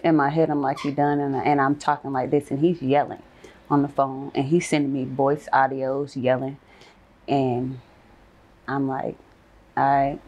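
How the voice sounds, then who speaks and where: A woman talking in a casual group chat, telling a personal story in a calm, measured way. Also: extremely low pitch.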